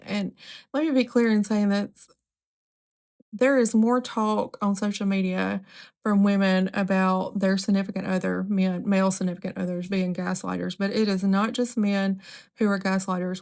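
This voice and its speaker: Woman, podcast host, casual conversational talk, candid, filler words, mid pitch. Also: a little mellow. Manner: candid, conversational, with frequent ums and asides.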